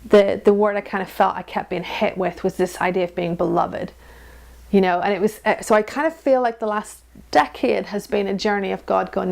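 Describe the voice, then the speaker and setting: Woman in her thirties, interview guest; candid, lively, quick to laugh, mid-pitched voice. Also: creaky. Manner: frank, laughs often, animated storytelling. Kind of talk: candid personal conversation.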